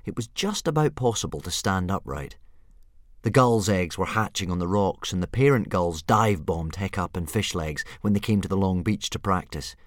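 A man reading a children's storybook aloud in an expressive, playful way. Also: deep voice, normal speed, no echo, studio quality. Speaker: audiobook reader. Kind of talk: storybook narration.

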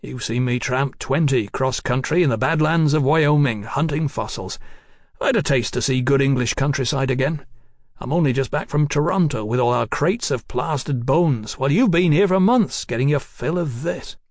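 A man's voice: medium pitch, normal speed, dry recording, lightly acted. A man voicing a dry, skeptical male scientist in an audiobook, with a wry manner.

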